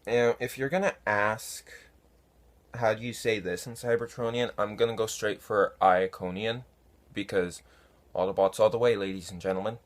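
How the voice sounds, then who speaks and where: A man casually answering viewer comments, unhurried and halting, with many fillers. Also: fairly low pitch, steady tone. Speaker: fan conlang vlogger answering comments. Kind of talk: casual talk to camera.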